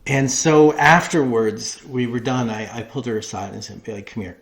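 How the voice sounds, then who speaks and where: A man, a wrestling promo class coach, telling stories in an interview, animated and full of restarts. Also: medium pitch, moderate pace. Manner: animated storyteller with many restarts. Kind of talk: storytelling interview.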